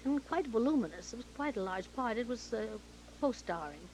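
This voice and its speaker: A woman's voice: fairly high pitch, fairly quick, slight background noise, rough recording. A woman from Canada, interviewed about her career, who tells anecdotes vividly and acts out the dialogue of the people in them. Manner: lively storyteller acting out quoted dialogue. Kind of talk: anecdotal storytelling.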